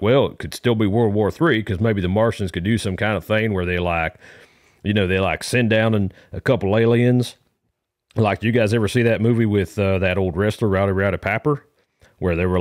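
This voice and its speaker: A man's voice: fairly low pitch, dry recording, studio quality. A man calling in to a comedy podcast, telling a meandering story in a folksy manner with rural grammar. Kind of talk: rambling comic monologue.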